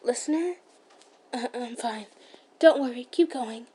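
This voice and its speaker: Woman voicing a gentle, pleading young demon girl. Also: fairly high pitch, unhurried, noisy background, close to an everyday voice.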